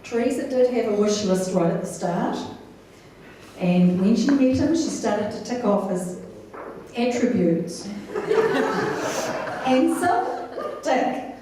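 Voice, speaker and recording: A woman's voice: mid-range voice, a little hiss or hum. A woman giving a wedding speech about the couple, telling stories and laughing along. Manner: warm, measured storytelling with laughs. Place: wedding reception hall. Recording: echoey hall, distant mic.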